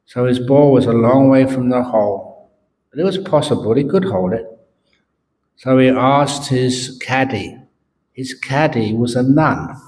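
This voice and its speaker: Slow-spoken monk telling a joke. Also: male voice, mid-range voice, a little mellow, slight background noise. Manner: humorous storyteller who laughs at his own jokes. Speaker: Buddhist monk teacher. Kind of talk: dharma talk with jokes. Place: meditation centre hall.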